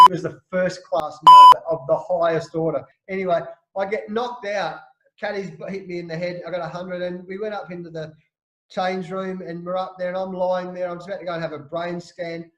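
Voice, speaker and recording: A middle-aged Australian man, a former cricketer, telling animated stories with restarts in a casual interview. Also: high voice, echoey room, muffled recording. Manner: animated anecdotes with frequent restarts and laughs.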